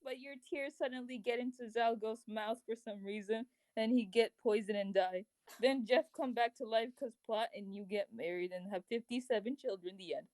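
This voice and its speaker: A woman's voice: on the high side, moderate pace, a little mellow, no room sound. A woman reading silly fan fiction aloud in a playful, mock-dramatic way, giggling and joking as she goes. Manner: giggly, jokey, theatrical.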